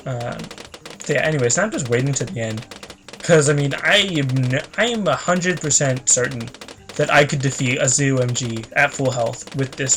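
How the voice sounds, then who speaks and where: A man's voice: mid-range voice, a little hiss or hum. Rambling, chatty let's-play guy. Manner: rambling and chatty, self-conscious, laughs easily. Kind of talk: casual gameplay commentary.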